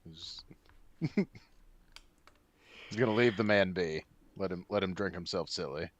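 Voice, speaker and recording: Low-voiced man at a tabletop game. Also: a little slow, dull audio. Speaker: player.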